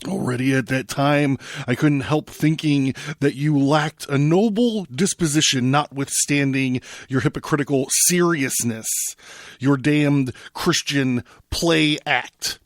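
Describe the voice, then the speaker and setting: Man reading as a haughty worn-out old rider, slow, scornful, dry sound. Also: a little high, dry recording, close to an everyday voice. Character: aged, shabby haughty red-clad rider.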